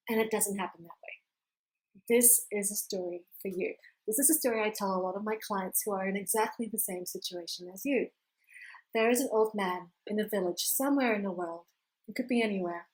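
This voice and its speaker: A woman life coach telling a fable to camera in an animated, casual storytelling manner, acting out the characters. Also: mid-range voice, rough recording.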